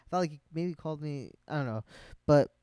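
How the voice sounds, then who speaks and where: Man, fairly high voice, smooth, rambling story full of "like", swears a lot. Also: brisk, no echo. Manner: rambling, filler-heavy, swears freely; animated when the story peaks. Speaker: vlogger. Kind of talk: casual storytelling.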